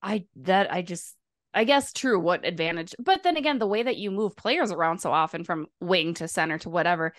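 A chatty woman, co-hosting a hockey podcast. Her voice sits a little low, and the sound is close and dry. She rambles loosely, with plenty of "like" and "um.". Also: animated, fairly quick, dry recording. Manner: chatty, lots of fillers. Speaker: podcast co-host. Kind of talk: casual hockey podcast chat.

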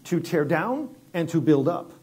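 A middle-aged man preaching as a guest pastor, telling stories conversationally with many restarts and sudden hushed moments. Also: a little high, very animated, unhurried, breathy edge. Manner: conversational, repeats words and restarts, drops quiet for dramatic story moments. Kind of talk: sermon with storytelling.

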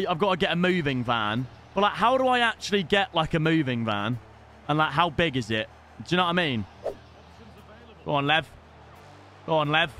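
A young British man commentating live on his own gameplay, excitable and casual, swearing freely and shouting at big moments. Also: fairly high pitch. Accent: British English. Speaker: gaming streamer.

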